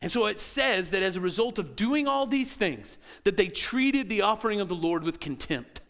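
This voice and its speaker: High, bright-voiced pastor preaching animatedly. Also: male voice, moderate pace. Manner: animated, acts out quoted voices. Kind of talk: sermon. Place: church sanctuary.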